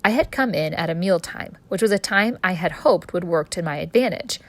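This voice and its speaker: A woman author narrating her own story in first person, expressive and storytelling in tone. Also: on the low side, fairly quick. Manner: expressive storyteller, voicing a cheeky street boy.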